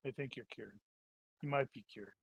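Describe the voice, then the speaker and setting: A man's voice: medium pitch, moderate pace, vocal fry, breathy edge, no room sound, dull audio. Wisecracking man at the gaming table. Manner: teasing, wisecracking. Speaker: player. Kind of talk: casual table banter.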